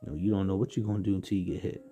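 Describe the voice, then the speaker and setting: Low dark-voiced guy from san diego preaching casual on a stream, lots of "you know", faint music under it. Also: steady tone, very fast. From San Diego, California. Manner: rambling, many "you know" fillers, street slang. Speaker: livestream preacher. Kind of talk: casual spoken devotional.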